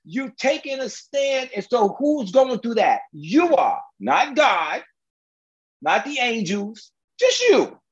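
A man's voice: extremely high pitch, sing-song, slow, lo-fi sound. A male preacher delivering an emphatic, colloquial sermon, firing rhetorical questions at the congregation.

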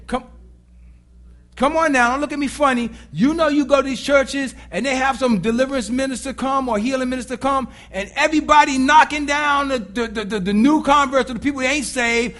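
A man preaching a sermon in an animated, dramatic way, with sudden shouts and voices acted out. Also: very high-pitched, brisk.

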